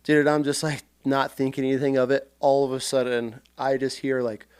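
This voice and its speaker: A man hosting a casual podcast, telling lively stories and swearing freely as he acts out shouted quotes. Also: mid-range voice, normal speed, smooth. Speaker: podcast host. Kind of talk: casual storytelling chat.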